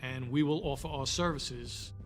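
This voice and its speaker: A man's voice: medium pitch, moderate pace. A man, a former police partner, recounting events soberly in an interview. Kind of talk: documentary interview. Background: music.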